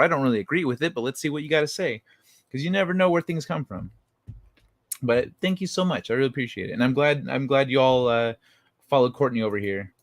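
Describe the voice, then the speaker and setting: A man hosts a relaxed late-night livestream, talking loosely with his chat. He rambles, swears freely and restarts his sentences often. His voice sits mid-range and sounds dry and close to the mic. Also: mid-range voice, no room sound. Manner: rambling and profane, with many restarts. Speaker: livestream host reading chat.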